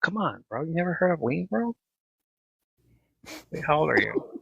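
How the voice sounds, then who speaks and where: A man hosting a casual live podcast, animated and laughing often as he chats with viewers. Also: fairly high pitch, normal speed, vocal fry, slightly rough, no echo. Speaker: podcast host. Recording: slightly dull lo-fi mic.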